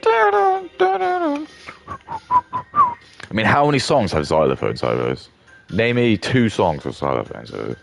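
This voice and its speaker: A man's voice: extremely low pitch, very animated, normal speed, gravelly, soft background music. A man talking casually on a live stream, rambling and swearing as he rants. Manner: rambling, profane, heated ranting.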